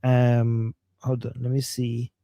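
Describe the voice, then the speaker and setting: A man co-hosting a casual livestream, talking in an animated way and often restarting his sentences. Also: mid-range voice, slow, no room sound. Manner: animated, repeats himself, stumbles into restarts. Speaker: livestream co-host.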